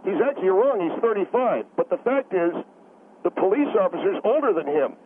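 Man, high pitch, insistent, argumentative, radio guest, phone-line audio, faint hiss. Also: very animated, brisk. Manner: combative, insistent, repeats himself. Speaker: studio guest.

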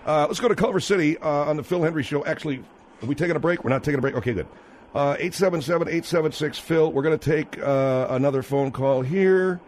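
A man's voice: a little high, fast talker, darkish tone, slight background noise. A male call-in radio host who sounds exasperated and sarcastic with his callers. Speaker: radio talk show host.

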